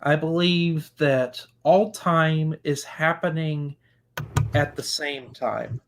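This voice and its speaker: A man's voice: a little high, slow. A man hosting a casual podcast chat, talking in an earnest, reflective way. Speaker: podcast host.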